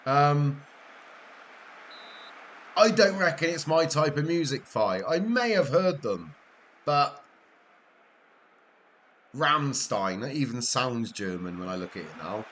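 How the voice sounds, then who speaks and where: A man's voice: medium pitch, expressive, takes it slowly, long pauses, fairly bright tone, slight background noise. Chatty man streaming a game. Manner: chatty, laughs often, joking with chat. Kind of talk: casual live-stream chat.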